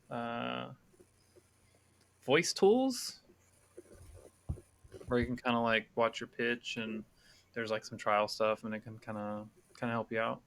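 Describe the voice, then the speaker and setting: A man hosting a podcast, casually interviewing his guest and asking relaxed, curious follow-up questions. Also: medium pitch, gravelly. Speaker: podcast host.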